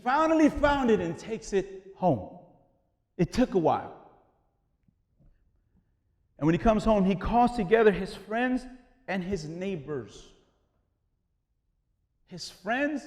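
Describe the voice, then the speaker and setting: A man preaching a sermon in an animated, conversational way, dropping casual slang as he explains. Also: high-pitched, long reverb tail. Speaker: pastor.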